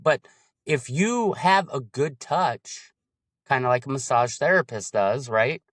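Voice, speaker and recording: A man talks animatedly about coaching in a casual chat. His voice sits at a middle pitch, and he keeps jumping into quick impressions to act out examples. The sound is close and dry, with no room around it. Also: lively intonation, a bit bright, dry recording.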